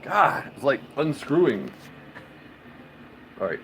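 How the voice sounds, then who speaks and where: A man's voice: mid-range voice, animated, moderate pace, roomy sound, slight background noise, poor audio. A man live-streaming his home beer brewing, chatting casually, rambling and swearing as he works in his kitchen. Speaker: homebrewing streamer.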